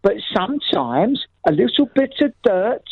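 A man's voice: high voice, sing-song, unhurried, husky, no room sound, exaggerated voice. A man doing a proud, grumbling cleaner, blunt and indignant, tripping over his words. He comes through a muffled phone line that sounds dull and lo-fi, with a dry, close sound. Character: proud grumbling London working-class male cleaner. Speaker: caller. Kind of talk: comic radio phone-in sketch.

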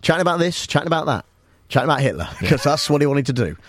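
A man's voice: on the high side, big pitch swings, rapid-fire. A man hosting a comedy radio show in a studio, with dry, ironic delivery and frequent chuckles.

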